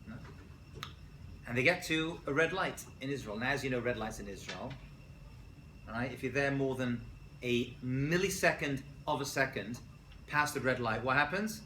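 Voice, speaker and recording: A man, a rabbi, giving a jokey, animated lecture to college students and asking them questions. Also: mid-range voice, moderate pace, long pauses, roomy sound, a little hiss or hum. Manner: jokey, asks the class questions.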